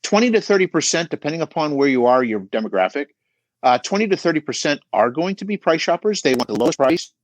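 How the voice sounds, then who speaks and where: A man's voice: a little high, very animated, quick pace, no echo. A middle-aged man giving emphatic coaching advice on a podcast, often checking in with "right?". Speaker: business coach guest.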